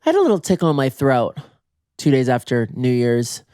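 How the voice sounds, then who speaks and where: A man's voice: huge pitch swings, a little fast, mellow, no echo. Theatrical man, dry close sound. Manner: theatrical, swings pitch wildly for emphasis. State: slightly hoarse from illness. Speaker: podcast host. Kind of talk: comic monologue. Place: in bed at home.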